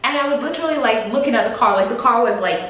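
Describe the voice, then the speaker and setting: A woman's voice: on the high side, rapid-fire, lo-fi sound. A young woman vlogger telling a story in a casual chat, acting out what everyone said. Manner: animated, acts out quoted dialogue. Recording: echoey room with faint hiss.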